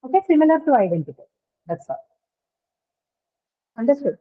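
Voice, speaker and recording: A woman's voice: high voice, sing-song, moderate pace. A woman English teacher giving an online class. She talks patiently, asks the students questions and often checks with them by asking "right?". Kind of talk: online class lecture on word stress. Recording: tinny phone-like call audio.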